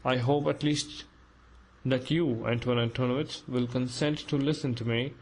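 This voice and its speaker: A man's voice: mid-range voice, fairly even intonation, moderate pace, a little hiss or hum, lightly acted, poor audio. A man voicing a timid, anxious middle-aged clerk who pleads in a flustered way. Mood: timid pleading.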